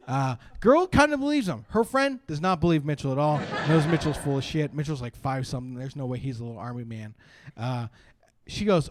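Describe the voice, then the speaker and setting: A young man from Canada doing profane, animated stand-up storytelling on a live stream, jumping into shouted punchlines. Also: fairly high pitch, a little fast, no room sound. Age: young adult. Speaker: stand-up comedian.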